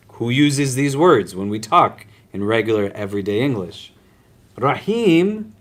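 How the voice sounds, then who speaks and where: A man teaching a casual religious class as an imam, talking conversationally with self-deprecating humor and often asking "right?" and "does that make sense?". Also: medium pitch. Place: lecture room at a university Islamic center.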